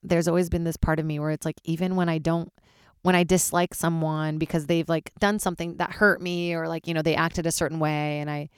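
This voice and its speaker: A woman stand-up comedian hosting her own podcast, rambling casually, swearing freely and jumping wildly in pitch. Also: fairly quick, smooth, dry recording, clean studio sound. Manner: animated, swears freely, big jumps in pitch.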